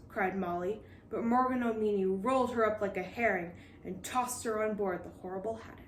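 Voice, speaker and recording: A woman reading a children's picture book aloud in a lively, expressive storytelling manner. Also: medium pitch, fairly quick, hardly any pauses, distant mic, a little hiss or hum. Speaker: storybook reader. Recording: roomy echo.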